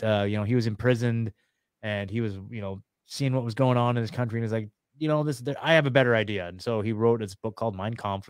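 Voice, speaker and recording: A man's voice: lowish voice, no room sound. A man appearing as a guest on a casual podcast, rambling and conspiratorial, with many fillers and restarts.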